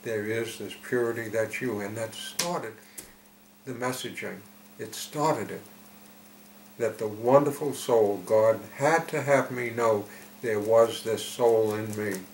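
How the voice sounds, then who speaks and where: Male spiritual teacher, lower register, very slow and measured delivery, recorded in a roomy, reverberant space. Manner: slow, deliberate storytelling with emphatic swells. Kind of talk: reflective spiritual talk. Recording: echoey room with faint noise.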